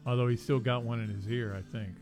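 A man's voice: medium pitch, fairly even intonation, fast talker, a little mellow, soft background music. A man hosting a sports talk radio show, trading easygoing jokes with his co-host. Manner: easygoing, joking banter.

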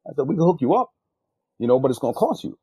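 An older man, a retired drug agent, telling a tense undercover story in an interview, profane and animated. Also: very fast, husky, no room sound. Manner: animated, jumps loud and high acting out quotes; profane, street-style speech.

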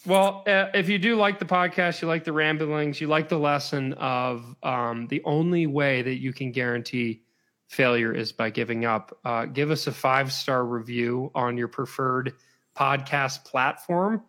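A man's voice: medium pitch, steady tone, unhurried, fairly bright tone. A man co-hosting a podcast, rambling and laughing often in good-humored casual chat while plugging his coaching courses. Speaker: podcast co-host and fitness coach.

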